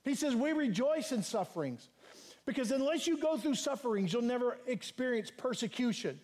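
Man, pastor, sermon, high voice, earnest repeated emphasis. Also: lively intonation, moderate pace, a little mellow. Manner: earnest preaching, rising emphasis, repeats phrases. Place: church.

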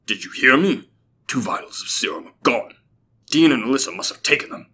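A man's voice: mid-range voice, sing-song, fairly quick, pushed and bright, slight background noise, pitched above the performer's own voice. A man voicing a frantic self-serving scientist. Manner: frantic, pleading, raised voice.

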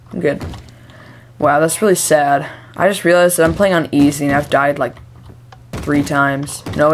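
A young woman gives chatty, running commentary over her own gameplay in a fairly low voice for a woman. She rambles to herself and to the game characters, then flips into frantic, high-pitched shouting whenever something startles her. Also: a little hiss or hum. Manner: chatty, excitable, shrieks when startled. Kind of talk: let's play commentary.

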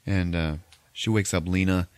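This podcast host is chatting casually through a movie's story, swearing freely, wandering a bit, and acting out quotes from the characters. He has a low-pitched, steady, clear and resonant voice at a normal speed, recorded with no echo.

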